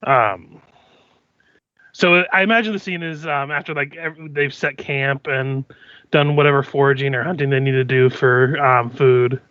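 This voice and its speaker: A man's voice: medium pitch, steady tone, normal speed, pushed and bright, clean tone, no room sound. A man playing a tabletop role-playing game, describing his character's actions with many fillers, on dull lo-fi audio. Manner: rambling, filler-heavy describing. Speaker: player.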